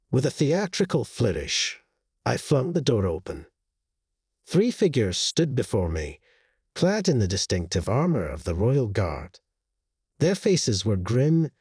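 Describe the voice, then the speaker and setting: A man narrating a horror story in a slow, grave storytelling manner with lively intonation, in a dry, close studio voice-over. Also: medium pitch, husky, dry recording.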